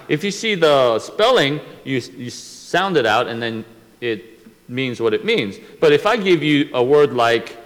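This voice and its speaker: A man teaching a Bible lesson, explaining slowly and step by step, often restarting his sentences. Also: fairly high pitch, a bit bright, big-room sound, low-quality recording.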